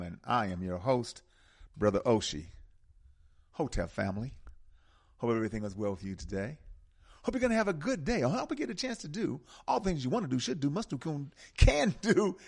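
A man's voice: mid-range voice, creaky, slightly rough. A man hosting a radio talk show, speaking with an emphatic, preaching cadence and repeating key words. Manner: preaching cadence with dramatic pauses.

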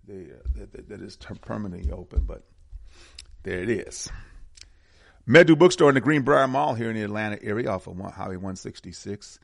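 A man's voice: fairly low pitch, vocal fry. A man hosting community announcements, talking casually and repeating the details and phone numbers. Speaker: community radio host. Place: Atlanta area.

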